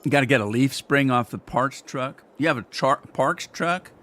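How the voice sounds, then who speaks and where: Playing a farming game on a live stream, this man keeps up a rambling, self-teasing commentary. He speaks at a moderate pace in a mid-range voice with a fairly bright tone.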